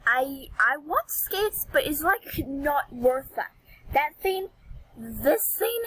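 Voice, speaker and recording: Woman vlogger, high voice, unhurried delivery; theatrical, excitable gameplay commentary. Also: dry recording, low-quality recording. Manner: dramatic, squeals and whines over items. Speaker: gaming vlogger.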